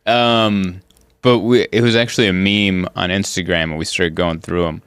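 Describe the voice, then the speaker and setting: A man's voice: low voice, normal speed, clean tone, dry recording. A man in his thirties hosting a casual comedy podcast, telling stories and laughing often. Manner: laughs often, animated storytelling.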